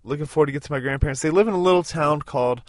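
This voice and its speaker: A man's voice: a little high, racing, no room sound, studio quality. Rambling man hosting a road-trip podcast. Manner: rambling, with many fillers and restarts. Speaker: podcast host. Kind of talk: casual spoken podcast recorded on a road trip.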